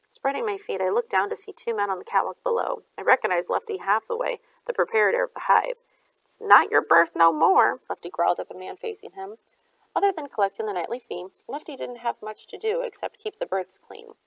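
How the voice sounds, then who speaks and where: Woman reading a novel aloud, gravelly edge. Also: mid-range voice, no echo, low-quality recording. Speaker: audiobook reader. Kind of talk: audiobook narration.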